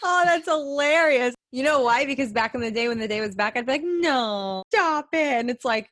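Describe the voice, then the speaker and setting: A woman's voice: fairly high pitch, fast talker, a bit bright, no room sound, studio quality. Bubbly, profane woman podcast host. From Middle Eastern. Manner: bubbly, profane, laughs often. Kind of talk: casual podcast chat. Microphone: home podcast microphone.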